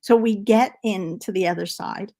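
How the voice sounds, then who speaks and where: A woman's voice: medium pitch, normal speed, warm tone. A middle-aged woman hosting a knitting livestream, telling a rambling story in casual chat and counting stitches aloud.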